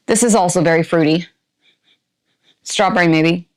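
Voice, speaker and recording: A woman's voice: lowish voice, normal speed. Chatty woman in a put-on drawl. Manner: talks to viewers while opening items. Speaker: product reviewer. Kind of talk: casual unboxing review.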